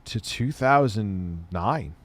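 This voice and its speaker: A man in middle age with a somewhat low voice hosts a live stream. He talks in a loose, rambling, casual way and swears freely as he chats. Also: animated, slow. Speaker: streamer host.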